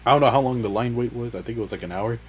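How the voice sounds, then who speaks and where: A young man hosts a casual solo podcast, rambling through a story with lots of swearing and frequent laughter, his voice jumping high when he gets exasperated. He talks very fast, and there's a little hiss or hum.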